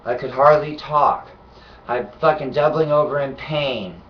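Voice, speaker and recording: A sick, nauseated man in an angry, profane vlog rant, swinging from low muttering to shouting. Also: unhurried, far from the mic, muffled recording, slight background noise. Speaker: vlogger.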